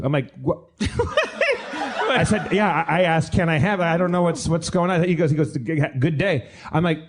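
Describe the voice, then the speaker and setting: A man's voice: fairly high pitch, big pitch swings, moderate pace. A man telling a long rambling anecdote on a live comedy podcast stage, with many restarts. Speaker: podcast regular telling a story. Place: live theater stage with audience.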